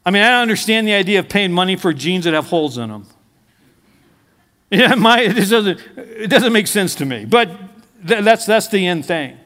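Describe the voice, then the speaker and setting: A man's voice: high-pitched, expressive, moderate pace, sharp tone. A middle-aged male pastor giving a conversational sermon, full of stories and asides to the congregation. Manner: conversational, anecdotal preaching with asides. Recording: hall reverb.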